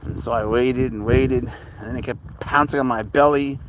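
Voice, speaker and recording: A cat channel livestreamer walks his leashed cat outside, chatting casually and rambling to both his viewers and the cat. His voice is medium-pitched and moderately paced, with a noisy background. He sounds relaxed as he talks to his cat and his chat.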